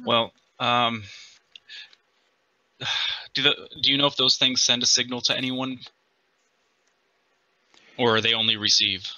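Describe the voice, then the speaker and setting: Bright-voiced man playing a tabletop game. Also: medium pitch, level tone, slow pace, long pauses, no echo, rough recording. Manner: plain, questioning, with small stumbles. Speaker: player. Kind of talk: tabletop role-play.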